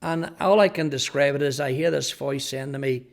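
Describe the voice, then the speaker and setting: A man's voice: a little high, normal speed, vocal fry. A man telling his personal testimony in an earnest storytelling way, often repeating words. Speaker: testimony speaker.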